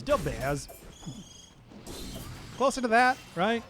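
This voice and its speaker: A man's voice: extremely high pitch, unhurried, long pauses, a little hiss or hum. A man from the US Midwest with a Midwestern accent, chatting casually with his viewers while streaming a game, rambling and chuckling often. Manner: rambling, animated, chuckles often, talks to chat.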